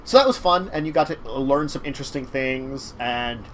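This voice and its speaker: A man with a medium, somewhat bright voice runs a casual talk show, meandering through a game master's recap. He stumbles along with fillers and repeated restarts, and a light hiss or hum is audible.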